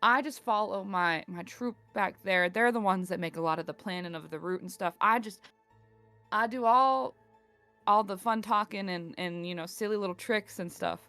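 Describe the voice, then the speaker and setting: A woman's voice: medium pitch, normal speed, bright, forceful tone, clean tone, soft background music. A woman playing a tabletop game, voicing a chatty, apologetic circus troupe leader who rambles and slips into a slight southern twang. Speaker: player. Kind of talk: in-character tabletop role-play.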